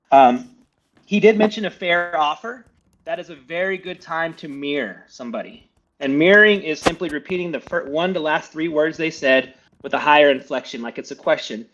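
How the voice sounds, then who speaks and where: A sales coach runs a live training, firing off advice quickly and energetically while checking in with his trainee, often asking "okay?". His voice is slightly high for a man and comes through a dull, lo-fi video call line.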